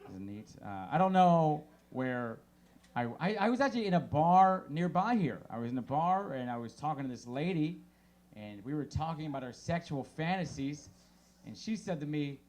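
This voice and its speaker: A man in his thirties works a small bar crowd with deadpan one-liners. His voice sits high and swings widely in pitch, and he talks into a handheld stage mic. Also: moderate pace. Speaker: stand-up comedian. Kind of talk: stand-up comedy set.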